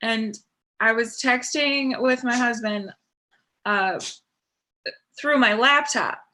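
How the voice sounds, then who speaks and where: A woman telling a story in an unhurried, drawn-out way during a casual video-call chat. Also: a little high, pushed and bright.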